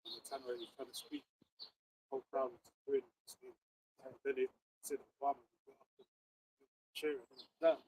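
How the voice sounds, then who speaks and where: A man with a London accent, joining a casual group talk in a relaxed, agreeing way. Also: medium pitch, moderate pace, long pauses, slight background noise, poor audio. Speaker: group member.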